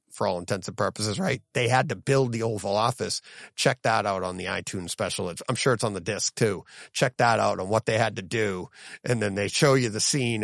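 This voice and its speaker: A man's voice: fairly low pitch, vocal fry, no echo, studio quality. A man co-hosting a podcast, chatting casually and telling stories with plenty of laughs and restarts. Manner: animated storytelling with laughs and restarts. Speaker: podcast co-host. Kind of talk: casual chat.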